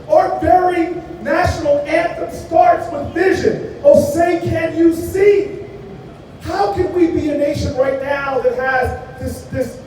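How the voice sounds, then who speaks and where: A man in his forties delivering a campaign rally speech in a preacherly, rhythmic cadence. His voice is raised high and mellow in tone. It rings from far off through a big, echoey hall with faint ambience behind. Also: slight background noise. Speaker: political candidate. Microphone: far from the mic.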